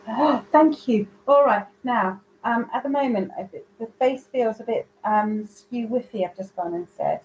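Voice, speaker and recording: A woman's voice: medium pitch, a little mellow, dull audio, a little hiss or hum. Woman giving a live psychic reading. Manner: relaying messages directly to viewers by name. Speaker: psychic medium.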